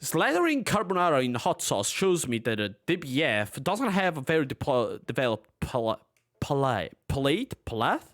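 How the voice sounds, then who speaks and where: Heated young man ranting, pitch swooping. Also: big pitch swings, normal speed, fairly bright tone. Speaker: streamer. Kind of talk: reading and reacting to forum posts on a livestream. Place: room at home.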